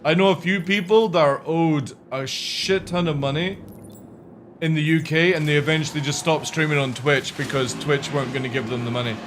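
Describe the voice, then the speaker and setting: A man's voice: a little high, fairly even intonation, normal speed, fairly bright tone, slight background noise. A man chatting casually to his chat while streaming a game, rambling and swearing freely.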